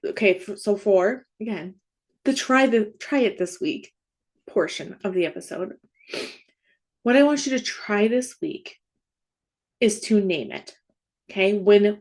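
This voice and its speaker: A woman's voice: medium pitch, a little mellow. A woman in her thirties hosting a faith-based grief podcast, talking casually and often checking in with "right?" and "okay?". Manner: conversational, frequent "like" and "right?" check-ins. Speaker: grief coach and podcast host. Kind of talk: casual spoken podcast teaching.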